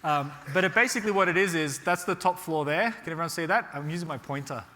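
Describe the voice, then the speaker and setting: A man's voice: a little high, quick pace, slight background noise. A man from Australia giving a real estate workshop to a live audience, telling stories and checking in with "right?". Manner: animated storytelling with frequent rhetorical "right?". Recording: hall reverb.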